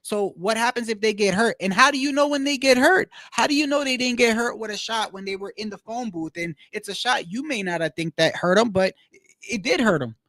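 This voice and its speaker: A man's voice: sits high, brisk, dry recording, studio quality. A man giving a casual, swearing opinion rant to his viewers, saying "bro" a lot. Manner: animated, swears often, says "bro" a lot. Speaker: boxing commentator.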